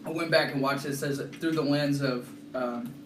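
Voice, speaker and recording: A man co-hosting a casual podcast, excitable and swearing freely while eating hot chicken. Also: mid-range voice, normal speed, slight background noise. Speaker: podcast co-host. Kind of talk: casual chat. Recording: echoey room, mic at a distance.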